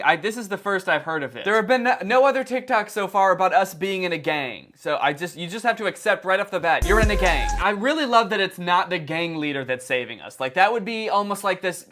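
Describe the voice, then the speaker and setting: A man's voice: high-pitched, pushed and bright. A young man giving sarcastic, rambling comedic commentary on videos. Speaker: commentary youtuber.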